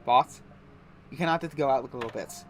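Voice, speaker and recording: A man's voice: mid-range voice, brisk. A man chatting casually on a game stream, rambling through tangents with laughs and crude jokes. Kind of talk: casual chat over a game.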